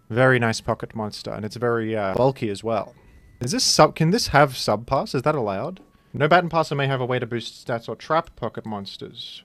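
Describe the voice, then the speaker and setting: A man's voice: medium pitch, no room sound. Young man, casual gameplay commentary, mock-boastful trash talk, dry close sound, faint music underneath. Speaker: competitive game player.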